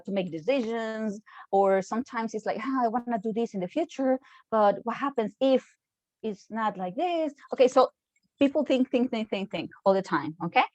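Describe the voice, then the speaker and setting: A woman's voice: mid-range voice, dry recording, dull audio. A woman with a Costa Rican Spanish accent, whose first language is Spanish, giving an online lecture in a chatty way and often checking in with "okay?". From Costa Rica.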